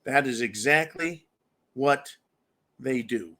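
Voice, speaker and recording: On his political commentary program, a man rants in fury at a measured pace, his slightly high voice animated, pushed, and bright. Swearing throughout, he repeatedly addresses his viewers as folks.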